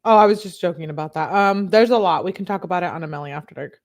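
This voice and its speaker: Young woman, casual chatty commentator, quick to giggle. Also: on the low side. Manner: giggly, chatty, jokes between readings. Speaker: true-crime commentator reading texts aloud. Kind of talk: casual commentary, reading texts.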